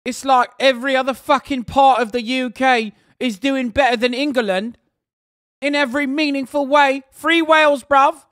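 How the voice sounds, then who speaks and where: A man putting on a brash, jeering British bloke with a shrill mock accent. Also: fairly even intonation, moderate pace, fairly bright tone, no echo, studio quality.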